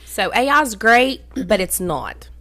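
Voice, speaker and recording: A woman's voice: a little high, sing-song, unhurried, bright, forceful tone. A woman co-hosting a podcast, chatting casually, jumping in with comments and reactions. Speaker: podcast co-host. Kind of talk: casual chat.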